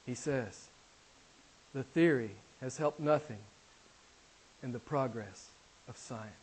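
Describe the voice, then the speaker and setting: A male pastor preaching a sermon, emphatic, repeating key phrases and swinging between loud declarations and quiet asides. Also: medium pitch, takes it slowly, breathy edge, rough recording. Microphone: recorded for a podcast.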